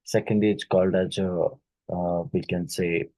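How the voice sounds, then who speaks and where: A man with an Indian English accent teaching exam questions, repeating key words and filling pauses. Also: low-pitched, steady tone, mellow, no echo, poor audio. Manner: slow, repeats key words, many fillers. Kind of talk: exam question-and-answer lecture.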